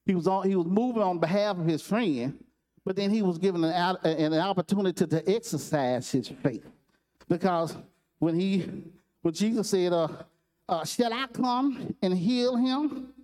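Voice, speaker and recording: Man, preacher, sermon, very high voice, conversational, repetitive, storytelling. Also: moderate pace, warm tone.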